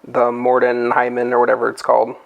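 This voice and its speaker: A man with a gravelly voice at an ordinary pitch talks through his game plans in a loose, rambling way. He pauses often and circles back as he thinks aloud on a casual group call. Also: completely flat delivery, dull audio. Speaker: game master.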